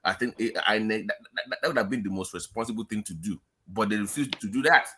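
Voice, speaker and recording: A man's voice: fairly low pitch, quick pace, bright, forceful tone, slightly rough. A man hosting a heated political discussion on an online call, insistent and cutting in to make his point. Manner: insistent, cuts in by repeating names. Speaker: show host.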